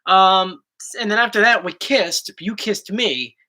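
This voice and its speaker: A man's voice: high-pitched, measured pace, sharp tone. A man hosting a casual livestream chat, playful and teasing his partner. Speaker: host.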